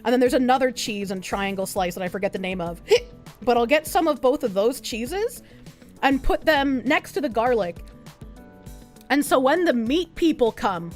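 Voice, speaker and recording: A young adult woman streaming, chatting casually in a rambling, excitable way and swearing often. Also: a little high, normal speed, faint music behind. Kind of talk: casual chat.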